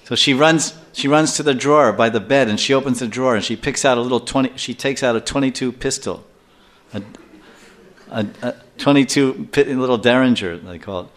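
An older man giving a scripture class lecture as a spiritual teacher, telling stories in a lively way and acting out little scenes. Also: medium pitch, a little fast. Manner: animated storyteller who acts out scenes and chuckles often.

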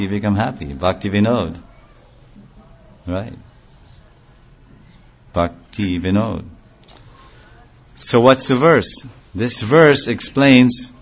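Low-voiced man giving a devotional lecture. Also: lo-fi sound. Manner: conversational, poses rhetorical questions and answers them. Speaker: religious speaker.

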